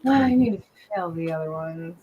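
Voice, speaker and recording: A woman's voice: deep voice, animated, normal speed, mellow, muffled recording, a little hiss or hum. A woman musician guesting on a stream, chatting casually, hesitant and laughing nervously. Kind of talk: casual chat.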